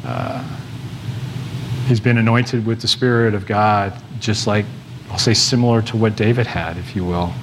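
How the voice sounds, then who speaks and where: A man preaching a sermon in a relaxed, conversational way, often restarting his sentences and pausing on fillers. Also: fairly low pitch, noisy background.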